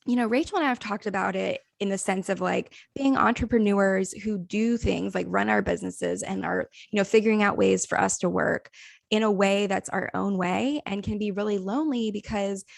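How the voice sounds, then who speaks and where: Candid gravelly woman on a podcast. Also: medium pitch, moderate pace, dry recording, clean studio sound. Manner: candid, swears freely, trails off with "like". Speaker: podcast co-host, therapist. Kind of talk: casual podcast chat.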